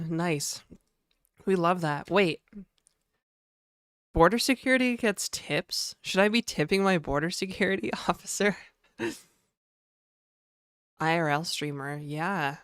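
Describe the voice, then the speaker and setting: This young adult man, a livestreamer and game developer, speaks in a high voice, slowly and with long pauses. His tone is a bit bright and smooth, recorded dry at studio quality. Slightly nasal from a cold, he chats and rambles casually while greeting viewers by name.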